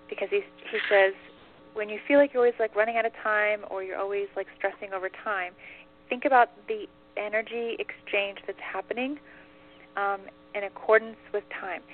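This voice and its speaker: A woman channeling answers on a call-in show, relaying them in a chatty way with lots of fillers. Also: mid-range voice. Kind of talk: casual live call-in chat. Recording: tinny phone line with faint hiss.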